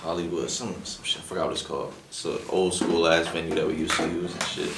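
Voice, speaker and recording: A man talking casually as a battle rapper guest on a podcast, in fast, profane, animated street talk. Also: low-pitched, gravelly, noisy background. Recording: echoey room, distant from mic.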